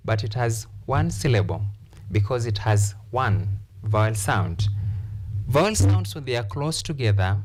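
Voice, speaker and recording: Slow, deliberate male teacher. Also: fairly low pitch, lively intonation. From Kenya. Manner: slow, repetitive, deliberate explanation. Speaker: English teacher. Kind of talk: classroom lesson on word stress.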